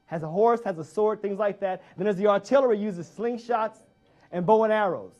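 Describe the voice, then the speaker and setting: High-voiced male motivational speaker. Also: moderate pace, a little mellow, lo-fi sound. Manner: emphatic, repeats key phrases for effect. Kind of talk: motivational speech.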